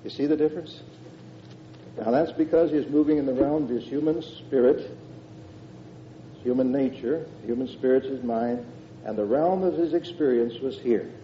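A man's voice: medium pitch, normal speed, long pauses, slight background noise. Older man preaching on muffled old tape. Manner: conversational, emphatic, with frequent fillers and restarts. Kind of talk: verse-by-verse sermon.

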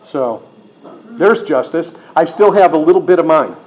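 An older man with a slightly high voice teaches a sermon. He talks in a folksy, joking way and slows down when he reads scripture. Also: expressive, darkish tone, lo-fi sound. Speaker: Bible teacher.

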